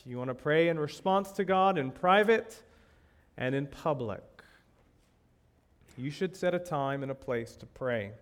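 A male pastor giving a sermon in a church, speaking conversationally and repeating key phrases, rising in pitch for emphasis.

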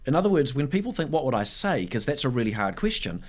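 A man's voice: mid-range voice, fast talker. A middle-aged man, a guest evangelist, talking casually on a podcast and animatedly acting out the quotes in his stories. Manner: animated storyteller, acts out quotes.

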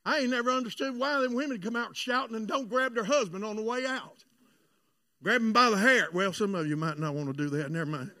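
A male preacher tells a story in his sermon, moving between loud calls and quieter, joking asides. His voice is very high and strikingly bright and sharp. It has a gravelly rasp and is recorded dry and close. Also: a little fast, no room sound.

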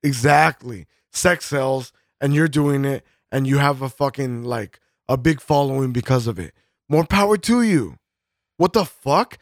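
A man's voice: mid-range voice, normal speed, few pauses, no room sound, clean studio sound. A man co-hosting a podcast in casual chat, swearing constantly and rambling with fillers and restarts. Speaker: podcast co-host.

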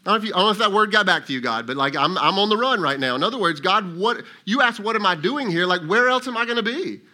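A preacher putting on a whiny, exasperated prophet who pleads with God in a rush of complaints. The voice jumps well above the man's own and gets louder. It stays bright and strained. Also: high-pitched, lively intonation, fast talker, pitched above the performer's own voice, full character voice.

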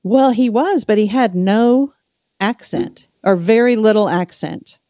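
A woman's voice: medium pitch, a little slow, no room sound, studio quality. Chatty woman with a slight Southern accent. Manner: animated storyteller, acts out family members' voices. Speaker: podcast host. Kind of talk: casual chat.

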